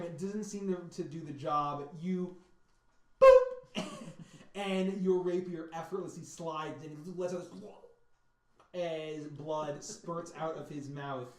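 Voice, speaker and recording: A man narrating as game master, animated, breaking into loud sound effects and voices. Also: a little high, slow. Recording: roomy mic with background music. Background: faint music.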